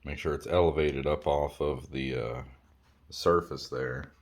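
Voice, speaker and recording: A man's voice: rumbling low, fairly even intonation, a little slow. A man in his home kitchen, filming a casual cooking tutorial on his phone, blunt and crude, repeating his instructions again and again. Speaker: home cook showing a recipe. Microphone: phone camera.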